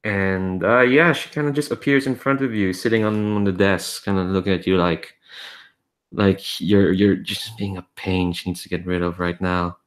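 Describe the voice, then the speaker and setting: Low-voiced man running a tabletop game. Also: steady tone, normal speed. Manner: loose, hesitant with fillers. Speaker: game master.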